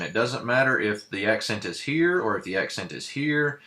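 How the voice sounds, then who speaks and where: Male teacher, low-pitched, bright tone, halting delivery, lots of ums, patient. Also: expressive. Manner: halting, many fillers, patient. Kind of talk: recorded grammar lesson.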